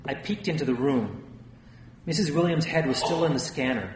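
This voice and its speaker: Animated and a little high in pitch, a male audiobook narrator tells a first-person memoir at normal speed with a tense storytelling tone. The audio is roomy and distant, with a faint hiss.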